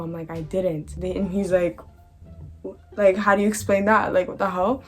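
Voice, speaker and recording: Young woman vlogger, casual storytime read, animated and slangy, drops sentences halfway, faint music under her. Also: lowish voice, normal speed.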